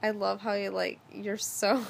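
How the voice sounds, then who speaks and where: A woman's voice: medium pitch, flat delivery, measured pace, creaky, a little hiss or hum. A young woman guesting on a casual podcast, blunt and crude, laughing often. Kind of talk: casual chat.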